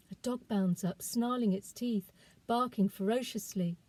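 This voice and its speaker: A woman, a children's author, reading aloud from her novel in a calm, expressive storytelling voice. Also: a little high, unhurried, dry recording, rough recording.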